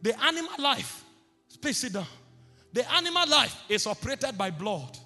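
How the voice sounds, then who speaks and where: A man preaching a fervent sermon, often shouting and repeating phrases for emphasis. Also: extremely high pitch, very animated, normal speed. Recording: long hall reverb with faint music behind.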